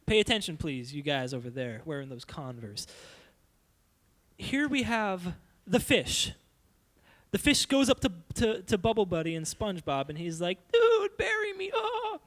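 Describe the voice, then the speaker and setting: A young man giving a playful, animated youth sermon, acting out silly voices as he goes. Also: a little high, normal speed. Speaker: youth pastor.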